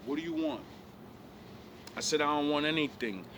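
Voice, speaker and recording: A man's voice: fairly high pitch, normal speed, a bit bright, slight background noise. A young man bluntly retelling a past relationship in profane street slang, casual storytelling.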